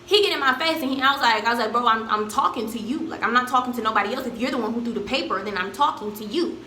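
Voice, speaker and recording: Animated young woman telling a story, echoey. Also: fairly high pitch, very fast, a little hiss or hum. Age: young adult. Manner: animated, slangy storytelling with loud acted-out quotes. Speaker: vlogger. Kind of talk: storytime vlog.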